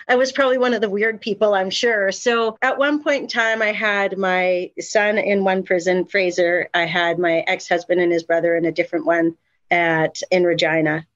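A woman's voice: lowish voice, normal speed, no room sound. Candid middle-aged woman, dull dry sound. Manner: candid, animated, frequent fillers and restarts. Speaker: guest, mother of incarcerated sons. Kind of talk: emotional personal storytelling.

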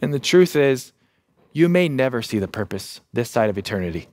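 A man in his thirties, a pastor preaching a sermon and telling a lively family story with self-deprecating humor. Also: medium pitch, fairly quick, no echo.

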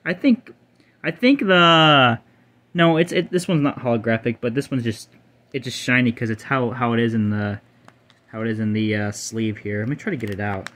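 A man's voice: medium pitch, moderate pace, fairly bright tone. Rambling, foul-mouthed young man. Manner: rambling, profane, stumbles over names. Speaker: channel host. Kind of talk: casual card collection showcase.

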